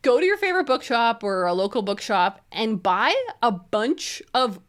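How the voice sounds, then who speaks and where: A woman co-hosting a book podcast in casual chat, animated and acting out quoted lines as she gives advice. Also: on the high side, moderate pace. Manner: animated, acts out little quoted exchanges. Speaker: podcast co-host.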